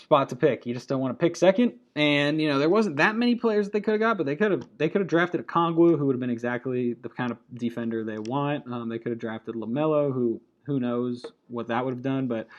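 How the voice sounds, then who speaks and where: A man's voice: medium pitch, brisk, hardly any pauses. A man giving a casual, blunt basketball opinion rant, annoyed and swearing, with frequent restarts. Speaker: basketball commentator.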